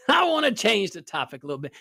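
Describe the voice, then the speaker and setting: A woman's voice: medium pitch, sing-song, moderate pace, creaky, sharp tone, breathy edge, no echo, studio quality. Woman doing sarcastic political chat, lots of rhetorical questions, bouncy intonation. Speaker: political talk show host. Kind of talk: casual political commentary.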